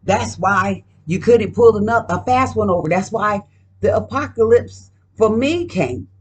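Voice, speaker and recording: A woman's voice: mid-range voice, animated, measured pace, husky. A woman doing a casual card reading at home, talking in a profane, emphatic, rambling way. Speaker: card reader.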